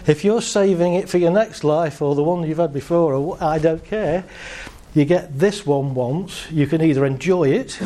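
Man, high voice, very animated pitch, jokey live talk. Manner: animated, jokey, shifts pace and voice for effect. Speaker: speaker. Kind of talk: humorous talk to a live audience.

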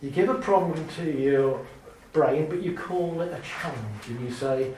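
A man giving a talk to a live audience, lively and chatty, laughing often and acting out little scenes. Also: on the high side, normal speed, distant mic, slight background noise. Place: large hall with an audience. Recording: very echoey hall, speaker off mic.

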